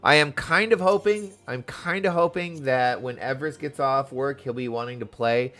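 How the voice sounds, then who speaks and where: A man's voice: mid-range voice, normal speed, a bit bright. A man chatting casually while playing a video game, reading its dialogue aloud in playful voices. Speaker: game streamer. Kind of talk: casual gameplay commentary.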